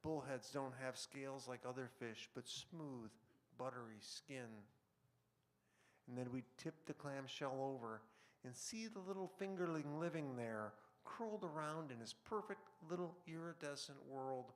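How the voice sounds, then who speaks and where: A man's voice: mid-range voice, unhurried. Guy reading his flash fiction live in a studio, laid back, some ums between bits. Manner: relaxed and conversational, with filler words between the text. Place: broadcast studio.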